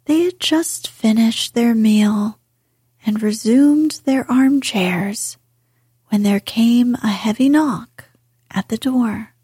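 A woman reading a storybook aloud in whispered role-play, softly and unvoiced. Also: fairly high pitch, slow pace, husky, no echo, clean studio sound. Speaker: narrator.

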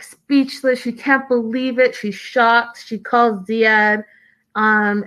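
A woman's voice: on the high side, pushed and bright. A woman giving a casual, opinionated recap of a reality TV show, stressing points by repeating words.

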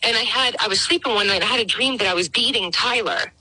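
A woman's voice: a little high, quick pace, bright, forceful tone, breathy edge, no room sound, poor audio. A middle-aged woman calling in to tell her personal story, emotional and rambling, acting out things she once said. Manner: emotional, rambling, acts out her own past words. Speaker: guest caller. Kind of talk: personal testimony.

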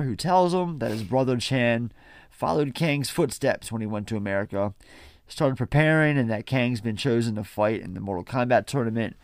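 A man's voice: mid-range voice, no echo. A man hosting a podcast, casually recapping a film from his notes with a wry, profane manner. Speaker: podcast host.

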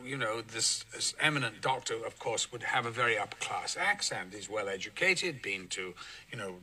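An older man telling a film-set story, animated and mimicking the people he quotes. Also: medium pitch, recorded from a distance. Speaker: actor telling an anecdote. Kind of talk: storytelling interview clip.

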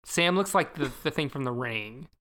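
A woman with a low voice co-hosts a casual podcast and walks through a film's plot. She is animated and keeps acting out the characters' lines. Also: moderate pace. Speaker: podcast co-host. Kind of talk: casual movie recap chat.

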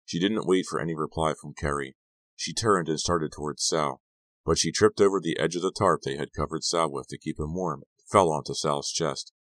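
A man narrating an audiobook in a steady, even storytelling voice. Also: very deep voice, moderate pace, dry recording. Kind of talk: scripted narration.

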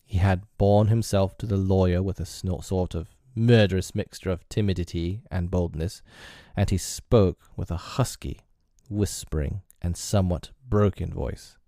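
A man reading a classic novel aloud in a measured, steady storybook narration. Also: deep voice, dry recording, clean studio sound.

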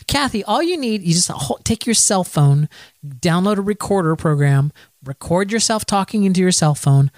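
A man's voice: high-pitched, lively intonation, normal speed, no room sound. A man hosting a podcast in casual chat, rambling with many fillers and frequent laughs. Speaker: podcast host.

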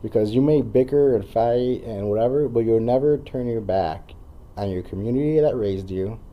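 A man's voice: mid-range voice, moderate pace, highs cut off. A man in his thirties, a guest talking earnestly in casual conversation and rambling with fillers.

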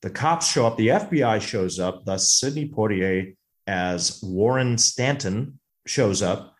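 Low-voiced man recapping a movie. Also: unhurried. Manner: relaxed, recaps plot at length. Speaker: podcast co-host. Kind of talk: casual movie podcast chat.

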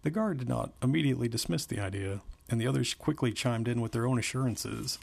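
A man narrating a novel aloud in a steady, measured way. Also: mid-range voice, gravelly.

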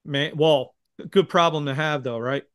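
A man's voice: on the high side, steady tone, measured pace, no room sound, studio quality. A male podcast host who speaks empathetically and murmurs agreement while his guest talks. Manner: empathetic, frequent soft backchannel murmurs. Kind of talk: conversational interview.

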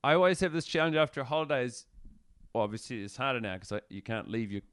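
Man, smooth clear voice, dry close mic, wry profane riffing, casual chat. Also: mid-range voice, lively intonation, quick pace, fairly bright tone, no room sound.

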